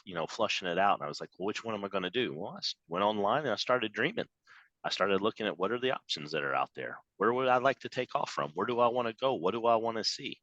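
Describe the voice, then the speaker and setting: A man giving a motivational sales training talk over a video call, emphatic and animated, acting out quoted voices. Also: fairly low pitch, dry recording, muffled recording. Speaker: business trainer.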